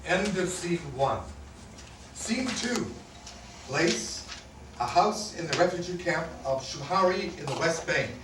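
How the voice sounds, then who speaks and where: A man reads out stage directions in a plain, measured way, his voice a little high. He sounds echoey, set well back from the mic. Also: expressive, noisy background. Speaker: narrator reading stage directions. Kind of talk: stage play reading. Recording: echoey room, mic at a distance.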